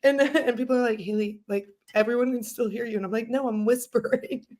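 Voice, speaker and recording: A young woman co-hosting a podcast, telling stories in a loud, animated way with frequent laughter. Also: a little high, fast. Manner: loud, animated storyteller who laughs often. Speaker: podcast co-host. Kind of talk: casual chat.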